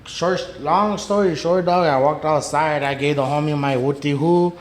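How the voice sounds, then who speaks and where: On a casual podcast, a male guest with a voice on the high side tells a story at a moderate pace. He's slangy and profane, acting out the voices of the people involved with quoted dialogue. The room is echoey with faint noise.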